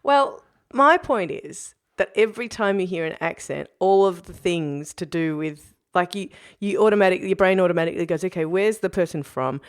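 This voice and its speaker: A woman co-hosting a podcast in casual chat, animated, laughing often and restarting sentences. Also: on the low side, fairly quick, hardly any pauses, clean tone. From Australia. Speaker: podcast co-host.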